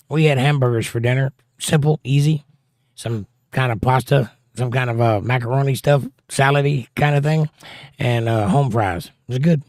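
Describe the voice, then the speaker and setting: A man's voice: medium pitch, moderate pace, a little mellow, no echo, studio quality. A man hosting a casual livestream, greeting viewers and reading their chat comments aloud in a folksy, chatty way. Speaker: host.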